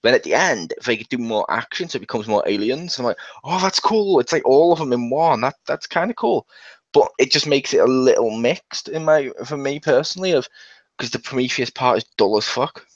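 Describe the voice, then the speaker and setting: Animated swearing man reviewing a film. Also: medium pitch, a little fast, no echo. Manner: animated, jokey, swears freely, acts out scenes in little voices. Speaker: movie reviewer. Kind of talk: casual film review chat. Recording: dull lo-fi dry sound.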